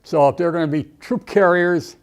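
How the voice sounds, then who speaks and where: A man's voice: fairly high pitch, moderate pace. An older man, an Army veteran, reminiscing emotionally in a documentary interview, often saying "okay" and "you know".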